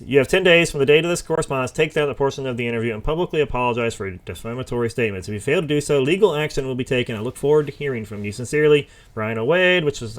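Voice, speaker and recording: A man hosting a commentary show, reading legal letters aloud and breaking off to react, laugh and get heated. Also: mid-range voice. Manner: informal, stops to react and laugh, gets heated. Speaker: commentary host. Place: home or office.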